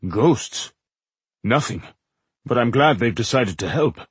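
A man's voice: mid-range voice, lively intonation, takes it slowly, breathy edge, no room sound. A man voicing a blunt, grave ancient male dwarf revenant in a storybook reading. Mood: relieved.

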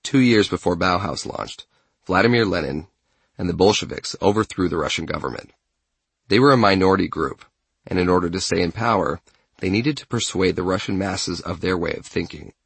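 A man narrates a written essay in a measured, steady way. His voice sits very low and has a gravelly, husky edge. The sound is dry and close, with no room echo. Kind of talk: scripted narration.

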